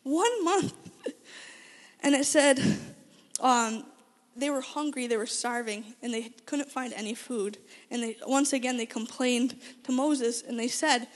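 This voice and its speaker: A high-pitched woman gives a casual Bible lesson, retelling stories with lively energy. She stumbles and restarts phrases as she goes and throws questions to her listeners. Her voice rings out with a long reverb, as in a big hall. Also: a little slow. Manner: lively storytelling, frequent restarts, asks audience questions. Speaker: Bible teacher.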